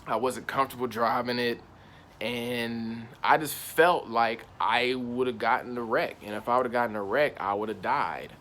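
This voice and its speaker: A man's voice: mid-range voice, normal speed, a bit bright. A young man tells a personal story in loose, slangy talk. His voice sits in a middle register. He rambles, restarts and keeps saying "I was like," with a faint hiss of noise under the recording. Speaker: channel host.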